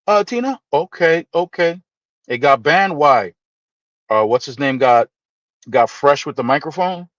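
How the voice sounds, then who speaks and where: A man hosting a live stream, chatting casually with viewers and teasing them in playful, animated asides. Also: a little high, a little slow, no room sound, dull audio. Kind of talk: casual chat reading viewer comments.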